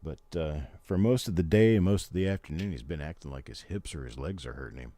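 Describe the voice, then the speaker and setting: A man's voice: extremely low pitch, quick pace, dark tone. An older man hosting a live stream from his home in casual chat, rambling and folksy with chatty asides. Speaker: host.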